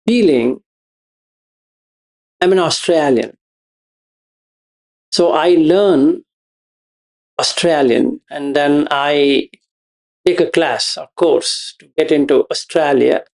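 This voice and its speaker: A man teaches his students at a very unhurried pace. His voice carries a gravelly edge, and he keeps checking that they follow. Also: a little high. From India. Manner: slow, repetitive explaining with questions to listeners. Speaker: meditation teacher. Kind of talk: dharma talk to students.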